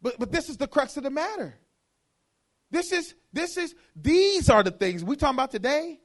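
High-voiced guy preaching, repeats lines over and over for punch, playful, pokes fun at church talk. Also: big pitch swings, normal speed. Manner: emphatic, repeats phrases for effect. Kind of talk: sermon.

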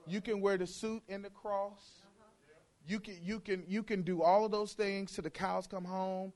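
High-voiced guy preaching, repeats lines over and over for punch, playful, pokes fun at church talk. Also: fairly even intonation, moderate pace, darkish tone. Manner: emphatic, repeats phrases for effect. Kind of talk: sermon.

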